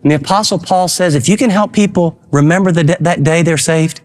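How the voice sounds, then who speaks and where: High-voiced guy preaching hard, lots of rhetorical questions. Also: fairly quick. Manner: emphatic, rhetorical questions, shifting pitch. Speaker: pastor. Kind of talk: sermon.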